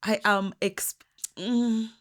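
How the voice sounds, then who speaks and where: A young woman, co-hosting a casual podcast chat, chatty and quick to agree with remarks. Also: mid-range voice, fairly even intonation. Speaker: podcast co-host.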